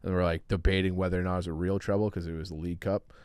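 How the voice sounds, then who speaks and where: A man on a podcast panel chatting casually about football, agreeable and quick to chime in. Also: sits low, little pitch movement, a little mellow, clean tone, no echo. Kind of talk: casual sports chat.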